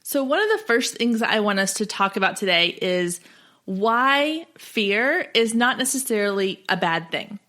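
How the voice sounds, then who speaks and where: A young adult woman hosts her own business podcast alone. She talks to her listeners in a friendly, direct way as she hands out advice. Her pitch sits in a middle range. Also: big pitch swings, unhurried, sharp tone. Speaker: podcast host. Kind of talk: solo business podcast talk.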